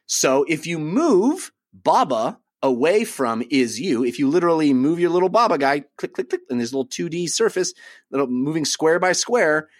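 Lively, enthusiastic male podcast host. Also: on the high side. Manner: enthusiastic, rambling, lots of fillers. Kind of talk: casual talk and ad read.

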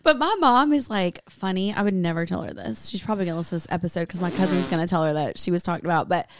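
A woman co-hosting a podcast, telling stories in animated casual chat with quick asides. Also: fairly low pitch. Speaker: podcast co-host.

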